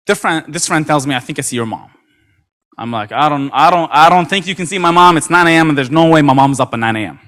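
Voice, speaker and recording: A man giving an energetic motivational talk at a convention, acting out quoted dialogue with lots of repetition. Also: medium pitch. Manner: animated, acts out quoted dialogue, many repetitions. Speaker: motivational speaker. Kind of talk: energetic storytelling speech. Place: convention stage.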